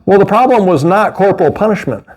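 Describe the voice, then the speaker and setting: A middle-aged man preaching a sermon as pastor, animated, with mocking asides and laughter. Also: sits high, fast talker.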